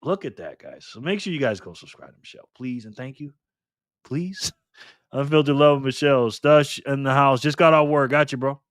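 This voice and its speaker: A man's voice: medium pitch, expressive, moderate pace, a bit bright, no echo, clean studio sound. A man hosting a casual live stream, greeting chat members by name and teasing them in a playful way.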